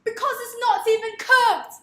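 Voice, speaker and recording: A woman putting on a loud, mocking British accent to play a hot-tempered male celebrity chef. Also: very high voice, fairly even intonation, normal speed, reverberant, a little hiss or hum, voice pushed up. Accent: put-on British.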